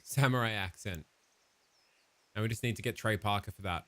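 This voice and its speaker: A man's voice: lowish voice, normal speed, pauses often, fairly bright tone, no echo. A man chatting offhand with an AI and reading through a game tutorial, dry and teasing. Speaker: gamer chatting with an AI. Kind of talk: casual gameplay commentary.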